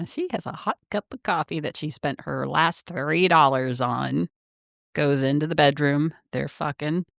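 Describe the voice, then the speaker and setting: Gravelly-voiced woman, blunt and wry. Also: low voice, a little slow, dry recording, studio quality. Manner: wry, blunt remarks and frank opinions. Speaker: podcast co-host. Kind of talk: casual book-club chat.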